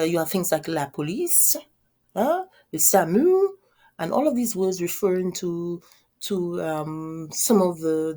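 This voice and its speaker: A woman teaching a beginner French lesson, saying French phrases slowly and repeating them, then explaining each in English. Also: lowish voice, darkish tone. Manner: repeats words and restarts often. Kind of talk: language lesson.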